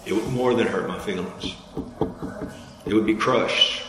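A man preaching a sermon in a casual, conversational way, leading the congregation in call-and-response. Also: a little slow. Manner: conversational preaching with call-and-response, pitch climbing high when fired up. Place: church hall. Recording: echoey hall with long reverb.

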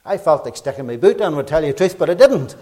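A middle-aged man with a Northern Irish accent preaching a gospel sermon, fervent and urgent, rising loud then dropping low. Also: big pitch swings, fast. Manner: fervent, urgent preaching with rises and quiet drops.

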